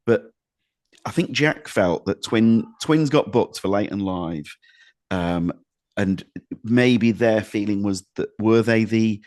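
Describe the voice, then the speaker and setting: A man with a fairly low voice co-hosts a casual podcast chat. He tells stories in a rambling way, restarting and hedging as he goes. The recording is close and dry, with almost no room sound. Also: darkish tone, no room sound. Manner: rambling anecdotal storyteller, restarts and hedges. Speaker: podcast co-host.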